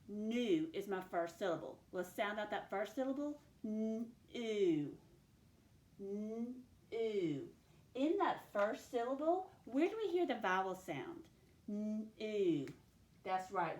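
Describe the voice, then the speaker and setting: A woman teacher giving a recorded classroom lesson, speaking slowly and clearly as she models each word sound. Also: medium pitch, echoey room. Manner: slow, clear phonics modelling, stretching out sounds.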